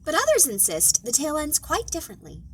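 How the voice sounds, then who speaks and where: Brief: high, animated woman librarian, playful picture-book read-aloud. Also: quick pace, a little hiss or hum, poor audio. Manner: expressive, playful storytelling. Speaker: children's librarian. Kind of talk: children's storytime read-aloud.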